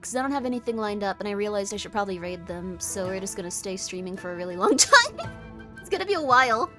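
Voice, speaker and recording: A woman streams live, chatting casually and rambling as she reacts to a game showcase, with show audio and music playing behind her. Her medium-pitched voice is expressive, full of quick laughs and exclamations.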